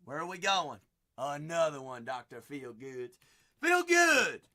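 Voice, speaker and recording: A man's voice: medium pitch, measured pace, bright, forceful tone. A young man with a Southern Kentucky twang, hosting a live card-break stream with folksy, hyped sales banter.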